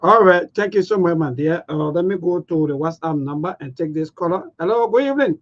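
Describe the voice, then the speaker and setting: High-voiced host, muffled broadcast sound. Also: male voice, animated. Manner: brisk, interjects often, takes caller after caller. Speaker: call-in show host. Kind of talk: call-in talk show hosting. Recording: muffled, dull broadcast audio.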